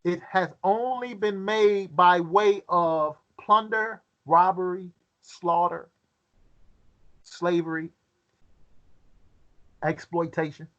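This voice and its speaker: Leading a Bible study, a man with a fairly high, slightly bright voice reads scripture aloud and then puts questions to his listeners. He goes slowly, pausing often and frequently stopping to repeat words while he thinks. The recording has a dull, lo-fi quality.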